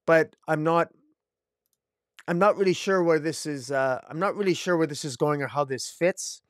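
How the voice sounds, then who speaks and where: A man's voice: on the high side, moderate pace, dry recording, clean studio sound. A man reviewing comic books alone, rambling with many fillers and restarts. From Canada. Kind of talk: casual solo review.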